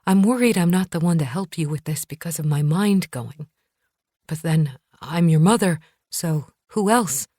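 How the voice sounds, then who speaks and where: A woman's voice: low-pitched, lively intonation, moderate pace, mellow, dry recording, studio quality. A woman narrator voicing an anxious, aging mother who worries her memory is failing.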